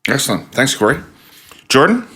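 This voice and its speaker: Bright, lively male host. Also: mid-range voice, moderate pace, breathy edge. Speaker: podcast host. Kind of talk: hosting a panel podcast.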